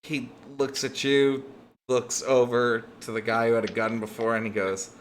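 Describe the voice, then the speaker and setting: A man's voice: fairly low pitch, level tone, normal speed, a bit bright, slight background noise. A man narrating as game master in a tabletop game, talking casually with plenty of fillers.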